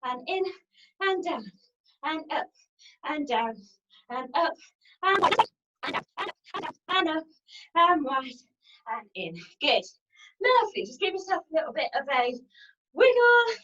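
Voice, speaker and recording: A woman's voice: sits high, animated, measured pace, pauses often, sharp tone, dull audio. A woman leading a home workout, upbeat and encouraging, out of breath as she counts reps and cheers people on. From England. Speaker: fitness instructor. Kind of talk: live workout instruction.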